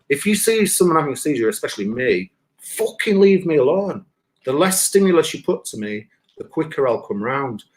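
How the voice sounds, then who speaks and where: A man, a musician and comedian, talking bluntly and with a lot of swearing on a live stream, acting out the voices in his stories. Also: mid-range voice. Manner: blunt, sweary, animated storytelling with acted-out voices. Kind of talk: casual chat on a live stream.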